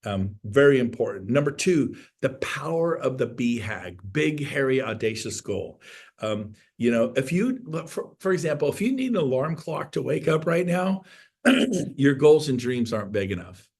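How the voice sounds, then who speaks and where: A middle-aged man giving an energetic, folksy motivational talk to an audience, now and then breaking into loud outbursts. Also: mid-range voice, normal speed, husky. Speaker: motivational speaker.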